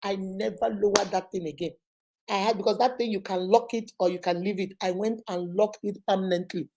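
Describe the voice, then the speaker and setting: A middle-aged woman, hosting a show and telling family stories in a lively, exclaiming way. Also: mid-range voice, a little fast. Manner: animated, exclaiming, laughing often. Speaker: host. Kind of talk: casual storytelling chat.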